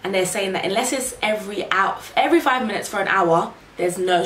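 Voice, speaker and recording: A young woman vlogger casually telling a story, animated and chatty, leaning on "like" and "literally". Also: medium pitch, fast talker, few pauses. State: pregnant. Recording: roomy, distant mic, faint hiss.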